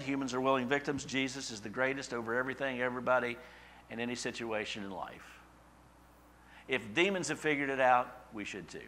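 Man, pastor preaching, bright forceful tone, dramatic swings in loudness. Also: medium pitch. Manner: emphatic preaching with sudden loud rises and quiet drops. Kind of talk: sermon.

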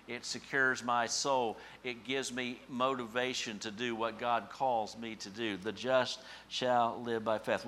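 Bright-voiced pastor preaching with swells. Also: male voice, medium pitch, a little hiss or hum. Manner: emphatic, with dramatic swells and hushed drops; slows down for scripture quotes. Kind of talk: sermon.

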